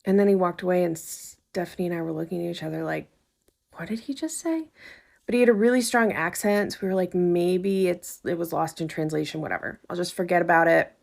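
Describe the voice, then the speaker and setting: Woman w a low gravelly voice, chatty wry storytelling. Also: steady tone, quick pace, few pauses. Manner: wry, conversational, acts out quotes. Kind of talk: casual storytelling.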